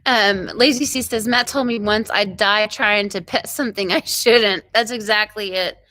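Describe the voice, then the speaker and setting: A woman hosting a ranch live stream, telling a story in an animated, quick way and acting out what people said. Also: mid-range voice, dry recording. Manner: animated, quick retelling with acted-out quotes. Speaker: ranch channel host.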